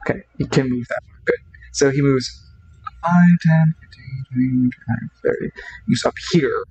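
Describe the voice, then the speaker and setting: A man's voice: medium pitch, moderate pace, creaky, darkish tone, highs cut off, a little hiss or hum. A man narrating a tabletop role-playing game as game master, often stopping and restarting while he checks the rules.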